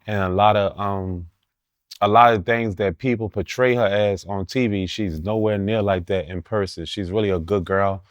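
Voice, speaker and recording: An interview guest with a fairly low voice speaks in casual, profane street slang, telling animated, blunt stories broken up by laughter. He talks at normal speed, and the recording is close and dry.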